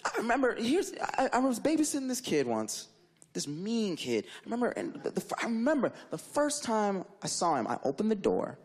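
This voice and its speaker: A man telling a stand-up story in an animated way, laughing and jumping into character voices. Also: sits high, normal speed, slightly rough. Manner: animated, laughing, acts out characters with big voice jumps. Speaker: stand-up comedian.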